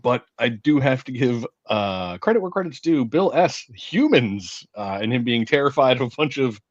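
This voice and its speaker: A joking man co-hosting a live stream, teasing and chuckling as he reacts. His voice swings lively in pitch and comes through a dull, dry lo-fi mic. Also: normal speed, no echo. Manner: joking, teasing, laughs between remarks. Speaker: co-host. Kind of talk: casual live-stream chat.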